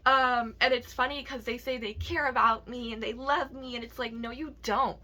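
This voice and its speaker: A woman's voice: a little high, steady tone, moderate pace, bright, forceful tone. A young woman in a casual vlog, ranting emotionally to her viewers with heavy swearing.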